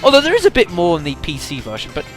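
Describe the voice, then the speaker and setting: A man's voice: sits high, wildly swooping pitch, fast, faint music behind. A man giving casual gameplay commentary, rambling with lots of fillers and addressing the audience as folks. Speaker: let's play commentator.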